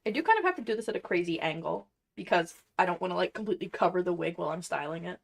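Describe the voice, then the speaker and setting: A woman's voice: fairly low pitch, lively intonation, racing, vocal fry. A young woman chatting casually on a livestream while she crafts at home, playful and self-deprecating. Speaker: cosplay streamer.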